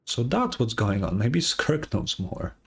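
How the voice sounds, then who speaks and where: A man voicing an unbothered young traveler in a game fan dub, deadpan and dropped below his usual voice. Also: medium pitch, unhurried, creaky, slightly rough, full character voice.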